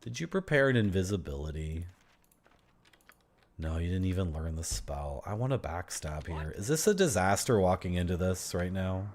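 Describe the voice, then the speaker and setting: A man's voice: deep voice, big pitch swings, normal speed, a little mellow. A man in his thirties giving casual, rambling commentary as he streams a game, chatting to his viewers and laughing often.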